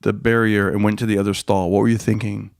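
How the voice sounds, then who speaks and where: Laughing podcast host, dry close sound. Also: male voice, on the low side, level tone, fast, gravelly, darkish tone, clear, resonant tone, no room sound. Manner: laughs often, eager questions. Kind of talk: casual interview chat.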